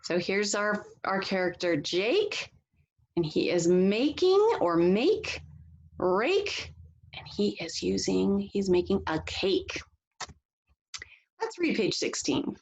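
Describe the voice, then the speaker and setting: A woman teacher giving a read-aloud phonics lesson, reading slowly and deliberately and laughing softly now and then. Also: highs cut off, slight background noise. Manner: slow, deliberate reading with lively pitch and soft laughs.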